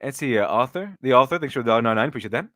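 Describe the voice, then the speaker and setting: A man's voice: mid-range voice, animated, very fast, fairly bright tone, no room sound, clean studio sound. A man hosting a casual live stream, rambling with many restarts and mocking critics sarcastically.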